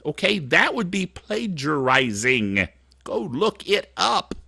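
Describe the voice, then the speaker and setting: A middle-aged man hosts his tech show in a loose, digressive monologue that mocks itself. His voice is bright and gravelly, and it swings widely in pitch. He is recorded in a dry room. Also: takes it slowly, no echo. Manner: animated, digressive, self-mocking. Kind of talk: casual rambling monologue.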